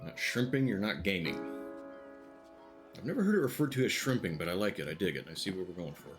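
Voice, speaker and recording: A jokey man chats casually while playing a video game, his voice fairly low. Faint game music runs underneath. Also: big pitch swings, fast talker. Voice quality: chatty, jokey. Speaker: gaming streamer. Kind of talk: casual let's-play commentary.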